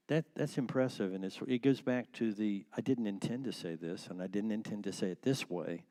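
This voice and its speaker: A man teaching a church class on marriage in a relaxed conversational way, explaining with everyday metaphors. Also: lowish voice, brisk, few pauses.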